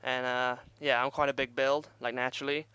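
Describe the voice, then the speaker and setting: Young man, vlog storyteller, rambling, swears a lot, laughs at himself, smooth voice, dry sound. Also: medium pitch, level tone, fairly quick, pushed and bright, no room sound. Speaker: vlogger. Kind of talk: casual storytelling.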